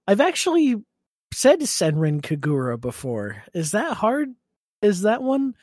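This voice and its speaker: Slow-talking man on a podcast, dry sound. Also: a little high, wildly swooping pitch, darkish tone, dry recording. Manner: slow talker who laughs often. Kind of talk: casual podcast chat.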